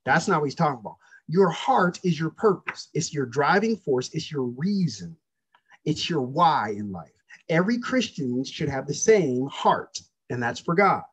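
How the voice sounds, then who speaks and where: A man's voice: on the high side, big pitch swings, normal speed, husky. A man preaching a sermon, calling out questions to his congregation. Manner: preaching with call-outs to the congregation. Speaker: pastor.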